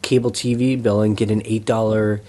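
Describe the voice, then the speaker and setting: A man's voice: fairly low pitch, flat delivery, brisk, dark tone. A man co-hosting a podcast in an easygoing, casual chat, often repeating words as he thinks. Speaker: podcast co-host.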